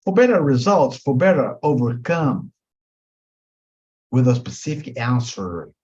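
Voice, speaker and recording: A male mediation instructor speaks slowly, letting each point land before moving on. His pitch swings widely as he stresses and repeats key words. The recording sounds dull and lo-fi. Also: sing-song, darkish tone. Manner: emphatic, repetitive, drawn-out teaching delivery. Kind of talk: webinar teaching.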